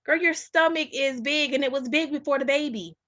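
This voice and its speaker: A woman's voice: high voice, fairly quick, fairly bright tone. A woman giving blunt, mocking reaction commentary.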